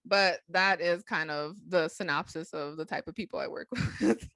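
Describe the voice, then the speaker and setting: A woman's voice: fairly low pitch, moderate pace, no room sound. A woman co-hosting a podcast, telling a story in casual chat, laughing often and acting out other people's lines. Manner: animated, laughs often, acts out quotes. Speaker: podcast co-host.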